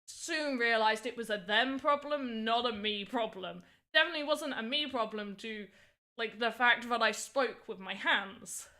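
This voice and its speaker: Young woman rambling on stream, bright voice, says like a lot. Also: on the high side, moderate pace. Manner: chatty, rambling, frequent "like" fillers. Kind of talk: casual livestream chat while making voxel art.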